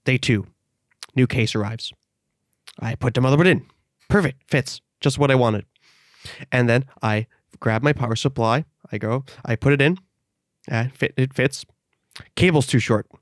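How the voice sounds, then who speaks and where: A man in casual podcast chat tells a story with lively energy, jumping into other people's voices as he quotes them. He is from the Netherlands. His voice sits at a middle pitch, recorded close and dry with no room sound. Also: moderate pace, long pauses, no room sound.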